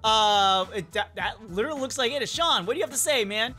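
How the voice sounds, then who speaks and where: A woman giving chatty, excitable let's-play commentary and talking to the game characters as a gaming YouTuber. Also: fairly high pitch, fairly quick, hardly any pauses, faint music behind.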